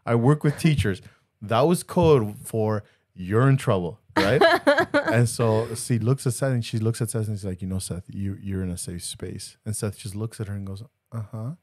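Low-voiced man telling jokey stories. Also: normal speed, darkish tone. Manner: storytelling, jokey, many restarts. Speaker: podcast co-host. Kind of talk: casual chat.

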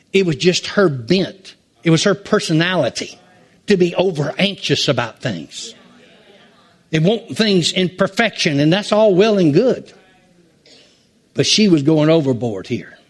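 A man preaching a sermon as pastor, drawing out emphatic phrases with sweeping swings in his voice. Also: a little high.

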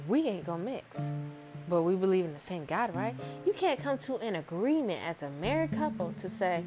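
A young woman talks through a casual podcast, venting about her past in a chatty, animated way and slipping into the voices of the people she quotes. Her voice sits at an ordinary middle pitch. Guitar music plays clearly behind her the whole time. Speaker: podcast host. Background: background guitar music.

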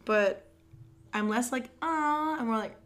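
A young adult woman co-hosting a casual podcast, recapping with quick acted-out quotes and frequent laughter. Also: medium pitch, fairly even intonation, faint music behind. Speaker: podcast co-host. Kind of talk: casual chat.

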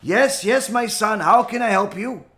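A man voicing a humble, patient old sage who answers softly and calls the other man his son. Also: high voice, a little slow. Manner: soft, calm, fatherly.

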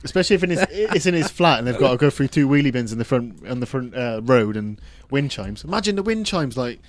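Man, English accent, radio presenter, casual playful banter, middle pitch. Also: fast. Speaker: radio sports show presenter.

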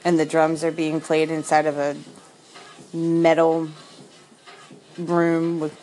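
A woman's voice: low-pitched, monotone, slow pace, a little mellow, low-quality recording. A woman hosting a casual chat stream, sarcastic and rambling, laughing often. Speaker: livestream host.

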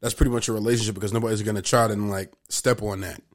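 A man co-hosting a podcast in casual, profane chat, speaking with a slight lisp. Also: on the low side. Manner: profane, animated, quick to joke. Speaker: podcast co-host.

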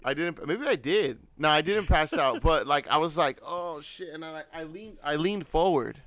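A young man with a fairly high, bright voice tells a story in casual podcast chat. His pitch swings widely as he acts out the screams and the quoted lines. He talks loosely, full of "like" and restarts. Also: expressive, normal speed. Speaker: podcast co-host.

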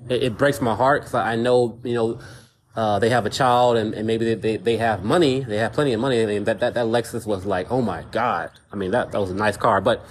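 A man's voice: on the low side, steady tone, brisk, a little hiss or hum. A man hosting a casual solo podcast, rambling and repeating words as he talks things through. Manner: rambling, repeats words, says "you know what I'm saying". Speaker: podcast host.

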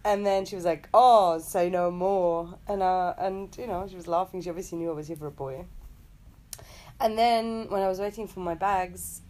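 A woman's voice: lowish voice, brisk, warm tone. A young woman from Germany, telling a story in casual chat with her partner, laughing often. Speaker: co-host.

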